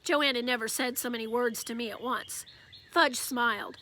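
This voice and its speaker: A woman reading a children's novel aloud with lively storytelling. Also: fairly high pitch, moderate pace. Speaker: reader.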